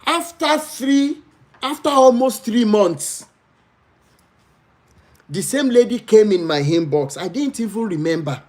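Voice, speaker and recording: A Nigerian man hosting a live stream, telling a personal story with big pitch swings and pleading with viewers to follow one another. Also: animated, a little slow, long pauses, darkish tone. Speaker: livestream host.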